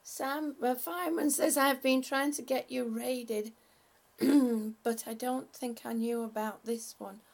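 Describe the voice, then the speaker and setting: Lady streaming, talks slow and gravelly, keeps restarting, sweet to her chat. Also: a little high, fairly even intonation, a little mellow. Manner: halting, many restarts, affectionate to chat. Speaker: livestream host. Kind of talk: casual livestream chat with viewers.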